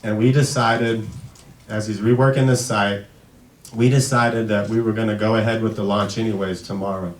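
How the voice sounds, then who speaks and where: A man in his thirties giving an emotional tribute speech at a memorial event, halting and full of restarts, sometimes fighting back tears. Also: on the low side, little pitch movement, a little hiss or hum. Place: event hall. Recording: echoey hall, far from the mic.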